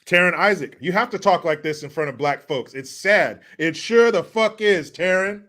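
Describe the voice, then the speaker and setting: A man delivering a profane political commentary rant, his voice sitting fairly high for a man. He mocks his targets and laughs often between jabs. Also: normal speed, few pauses, fairly bright tone. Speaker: show host.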